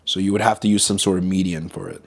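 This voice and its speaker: A man's voice: sits low, little pitch movement, fast. A man streaming as a vtuber, chatting casually about food and reading chat, switching between English and Mandarin.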